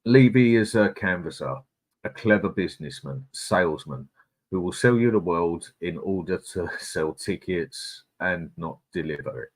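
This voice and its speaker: Low husky bloke chatting live. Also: male voice, expressive, normal speed. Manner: chatty, blunt and opinionated, with frequent "mate" and laughs. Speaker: live-stream co-host reading viewer chat. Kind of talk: casual live-stream chat.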